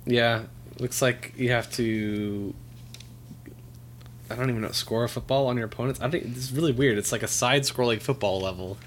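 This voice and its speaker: A man co-hosting a casual chat, tossing in quick, crude wisecracks. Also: medium pitch, slight background noise. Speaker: podcast co-host.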